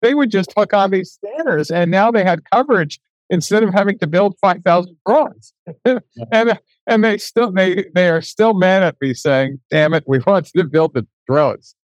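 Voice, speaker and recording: Animated older man telling stories. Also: sits high, moderate pace, dry recording, dull audio. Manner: animated, acts out dialogue in his anecdotes. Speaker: guest. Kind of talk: storytelling interview.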